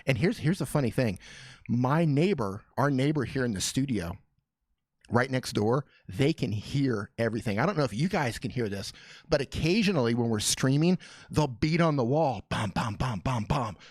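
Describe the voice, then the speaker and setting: This small-studio live Q&A host speaks at medium pitch and a moderate pace, with no room sound. He's casual and jokey, greeting viewers by name in an excited, fired-up way.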